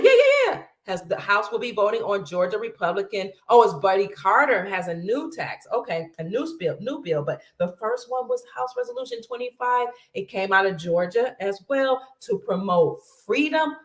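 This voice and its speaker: A woman's voice: mid-range voice, lively intonation, normal speed, hardly any pauses, fairly bright tone, echoey room. A middle-aged woman hosting casual news commentary, chatty, addressing her viewers as family and reading lists aloud. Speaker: host.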